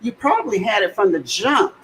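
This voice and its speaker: A woman's voice: mid-range voice, sing-song, a little fast, crowd noise, low-quality recording. A woman interviewing a guest, asking follow-up questions and giving short affirmations. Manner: probing questions, brief affirmations. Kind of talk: conversational interview.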